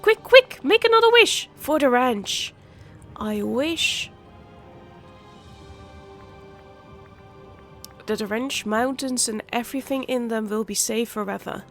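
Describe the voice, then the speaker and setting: A woman's voice: on the high side, fairly even intonation, normal speed, hardly any pauses, faint music behind, lightly acted. A woman voicing an eager, bubbly tiny magical wish creature from a video game, with squealy exclamations. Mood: excited.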